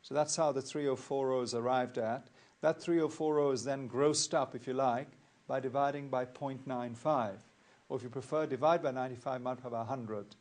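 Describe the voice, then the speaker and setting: In a recorded accounting lecture, a male tutor methodically explains worked examples and goes back over the key points. He speaks at a medium pitch with a steady, darkish tone.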